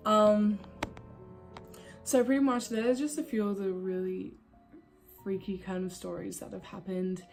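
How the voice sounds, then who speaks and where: A woman's voice: mid-range voice, dark tone. A woman vlogger telling stories in a casual, rambling way, laughing often and swearing casually. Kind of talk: casual storytime monologue.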